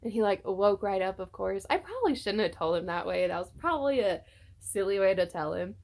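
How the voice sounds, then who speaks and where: A woman's voice: mid-range voice, lively intonation, a little fast, vocal fry, darkish tone. A young woman chatting casually to her phone camera at home, telling a personal story with many fillers. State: tearful at times. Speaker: vlogger. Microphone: phone on a tripod.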